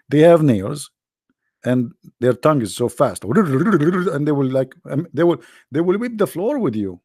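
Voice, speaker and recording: A man's voice: medium pitch, lively intonation, normal speed, warm tone, no room sound, studio quality. A man with joking and rambling in a teasing voice chat. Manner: teasing, rambling, non-native phrasing. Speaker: chat room speaker.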